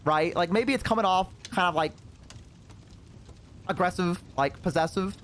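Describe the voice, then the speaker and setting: A male streamer with a slightly high voice tells a rambling personal anecdote. His pitch swings widely, and he drops in casual swearing and filler words as he goes. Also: a little fast, a little hiss or hum. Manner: animated, profane, rambling with fillers. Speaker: VTuber streamer.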